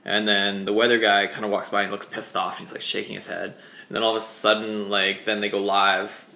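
A man's voice: lowish voice, level tone, brisk, gravelly, sharp tone, echoey room. A man co-hosting a podcast in casual chat, laid-back and rambling, peppering his talk with "like" and swearing. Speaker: podcast co-host.

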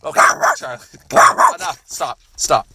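A man doing profane, boastful mock trash talk to the camera, rambling with restarts and turning excitable when he talks to his dog. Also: a little slow, background noise.

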